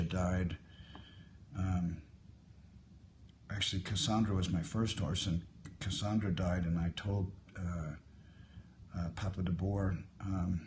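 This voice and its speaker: A man in his fifties chatting casually on a phone live stream, answering viewer comments in a musing, unhurried way and drifting from topic to topic. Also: deep voice, darkish tone, slight background noise. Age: 50s. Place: hotel at sunrise. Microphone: phone held for a live stream.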